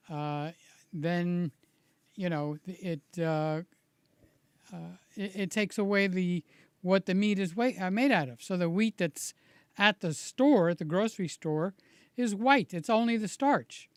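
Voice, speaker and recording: A man chatting slowly and casually with live viewers, a little hoarse, greeting people by name and rambling between stories. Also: sits high, no echo. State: slightly hoarse from shouting. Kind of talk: casual live-stream chat.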